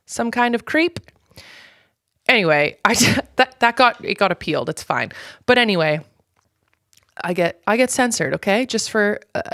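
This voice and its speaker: A woman's voice: mid-range voice, fairly bright tone, no echo, clean studio sound. A young Canadian woman hosting her own podcast, rambling in a casual, profane, unfiltered solo monologue. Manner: casual, rambling with many fillers. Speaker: podcast host.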